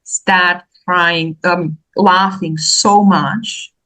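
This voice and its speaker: Woman telling a lively story. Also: lowish voice, extremely slow, low-quality recording. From Slovakia. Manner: animated, laughs often, acts out quoted voices. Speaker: podcast guest. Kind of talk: casual storytelling in an interview.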